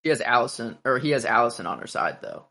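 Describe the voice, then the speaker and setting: A man's voice: medium pitch, very animated, fast, vocal fry, bright, forceful tone. A man co-hosting a podcast in casual talk, often hesitating and trailing off. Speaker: podcast co-host. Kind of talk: casual episode breakdown.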